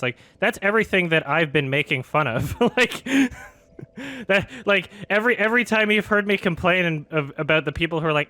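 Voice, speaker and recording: A man ranting over his gameplay on a live stream, exasperated and sweary, breaking into laughter as he goes. His voice sits a bit high and comes across bright and sharp. The sound is dry, with no room around it. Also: lively intonation, normal speed, no room sound. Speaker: game streamer. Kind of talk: ranting live-stream commentary while gaming.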